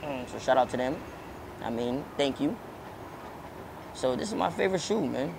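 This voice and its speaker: A young man telling a childhood story in a casual interview, animated and profane, repeating words as he goes. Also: mid-range voice, normal speed, vocal fry, noisy background. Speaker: rapper and comedian, interviewee.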